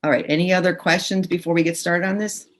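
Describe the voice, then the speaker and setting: This tapping practitioner talks fast in a fairly low, evenly intoned voice as she walks a group through a session on a video call. She gives instructions and leads phrases for them to repeat, using her computer mic.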